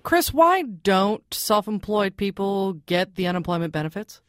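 A woman hosting a radio money call-in show, conversational and lively. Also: medium pitch, normal speed, no echo, studio quality. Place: radio studio.

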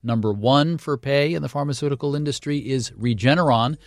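Man, radio news host, brisk and wry, mid-pitched, dry studio sound. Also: no echo.

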